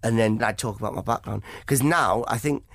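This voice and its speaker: A man talks fast and loose as an interview guest. He tells stories and drops into other people's voices along the way. The sound is dry and close. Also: fairly low pitch, vocal fry, a bit bright, no echo. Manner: chatty storytelling, acts out quoted voices. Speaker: comedian guest. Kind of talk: casual interview chat.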